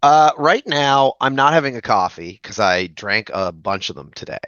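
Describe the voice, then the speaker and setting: Bright-voiced Prince Edward Island man, lo-fi. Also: mid-range voice, lively intonation, normal speed, clear, resonant tone, no echo. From Prince Edward Island, Canada. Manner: easygoing, hesitant, lots of "like". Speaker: guest musician. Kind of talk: casual chat.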